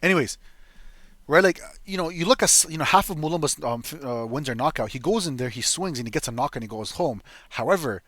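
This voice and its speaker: A man's voice: a little high, lively intonation, fast talker, a bit bright, no room sound. Profane, rambling young man, dry mic. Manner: blunt, profane, rambling with many fillers. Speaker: MMA fight predictions host. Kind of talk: casual profane fight breakdown.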